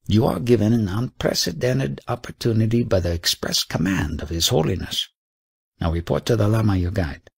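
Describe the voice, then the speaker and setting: A stern old abbot speaks with dry authority, voiced by a male narrator. The voice is low and husky with a gravelly grain. It is an audiobook reading. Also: expressive, normal speed, no room sound, exaggerated voice.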